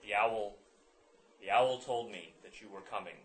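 A man voicing a very old male medicine man who tells a story slowly and solemnly in a tabletop game. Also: on the low side, a bit bright, a little hiss or hum, natural voice, rough recording.

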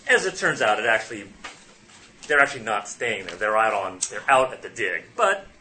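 Bright-voiced man running a tabletop game. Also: fairly low pitch, very animated. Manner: halting, with many fillers and self-corrections. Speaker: game master.

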